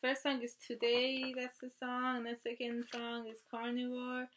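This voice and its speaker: A woman vlogging an album unboxing, gasping and gushing with excitement as she talks her way through it. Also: a little high, normal speed, slight background noise. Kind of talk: casual unboxing chat.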